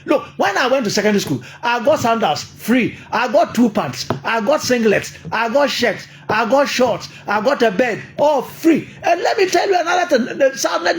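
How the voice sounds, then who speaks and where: A middle-aged Ghanaian man speaking in an impassioned political talk, often halting with hesitations and rising to shouts. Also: extremely high pitch. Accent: Ghanaian English.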